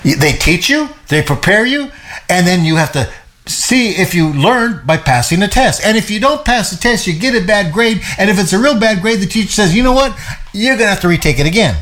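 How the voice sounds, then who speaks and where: High-voiced and speaking at normal speed, a male co-host explains a Bible passage with energy, laughing frequently and going over points again and again.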